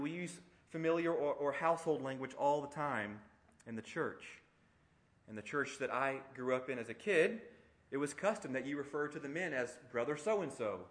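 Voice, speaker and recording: A man's voice: a little high, fairly bright tone. A middle-aged man preaching an expository sermon, conversational and emphatic, with rhetorical questions. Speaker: pastor.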